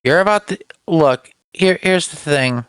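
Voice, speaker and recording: A man's voice: fairly high pitch, unhurried, a bit bright, clean tone, dry recording. A man who is the dungeon master, chatting casually with friends; he rambles, swears freely and restarts his sentences. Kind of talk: casual chat among friends.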